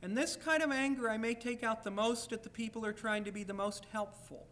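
A man's voice: high voice, steady tone, fairly quick, a bit bright, a little hiss or hum. A man giving a university lecture, speaking candidly in the first person and at times reading aloud from his own writing.

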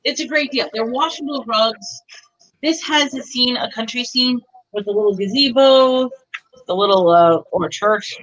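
A woman pitching bargains on a live stream in a chatty, bubbly way. Her voice is bright and forward, and she keeps talking up each deal as she shows the items. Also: normal speed, lo-fi sound. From Texas. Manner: chatty, bubbly, pushes deals. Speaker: seller on a live online auction.

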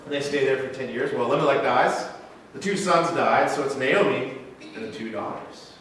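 A man's voice: medium pitch, moderate pace, a bit bright, slight background noise. A male pastor preaching a casual, conversational sermon as a playful storyteller. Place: church sanctuary. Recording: echoey sanctuary, mic from far off.

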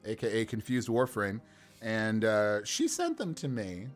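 A man chatting casually on a livestream as a game master, building characters by rolling dice, animated and laughing often. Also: on the low side, measured pace, faint music behind.

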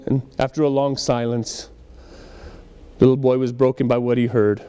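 A man's voice: mid-range voice, level tone, normal speed, mellow, clean tone, in a large hall. A man preaching a conversational sermon in a church, acting out little dialogues as he goes. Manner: conversational preaching with acted-out quotes. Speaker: pastor.

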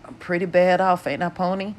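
A frightened, badly hurt teenage boy speaks in a quiet, strained, shaky voice, as a woman reads him aloud. The voice sits low and hushed, like a storybook read close. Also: level tone, brisk, lightly acted. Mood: weak. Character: weak, frightened teenage boy in a hospital bed.

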